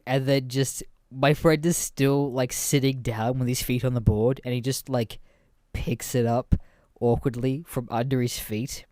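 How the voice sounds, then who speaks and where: A man's voice: mid-range voice, darkish tone, dry recording. Twenties guy podcasting, rambly and sweary, laughs a lot, dry close mic. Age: 20s. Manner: profane, laughs often, rambling with many fillers. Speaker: podcast host. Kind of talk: casual podcast storytelling.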